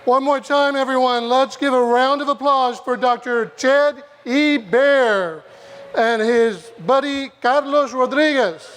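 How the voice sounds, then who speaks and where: High-pitched festival announcer. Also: male voice, slow, fairly bright tone, clear, resonant tone. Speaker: event announcer. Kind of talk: stage announcements. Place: outdoor festival stage.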